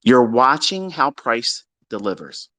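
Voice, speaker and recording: A man's voice: medium pitch, big pitch swings, slow pace, fairly bright tone, dry recording. Blunt, profane man ranting at students. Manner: blunt, profane, exasperated, mocking impressions of students. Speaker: trading mentor.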